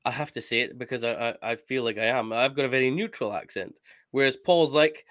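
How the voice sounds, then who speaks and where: A Scottish man co-hosting a podcast, teasing his co-host in animated, casual chat. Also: medium pitch, a little fast, dry recording, clean studio sound. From Scotland.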